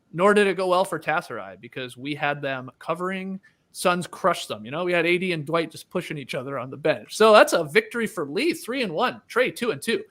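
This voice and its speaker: A man's voice: a little high, sharp tone. A man hosting a casual sports podcast, upbeat and chatty, laughing often. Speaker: podcast host.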